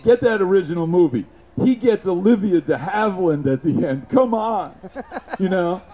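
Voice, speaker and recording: A man giving an impassioned, profane public speech, punctuated with shouted sound effects. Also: high-pitched, fairly quick, lo-fi sound.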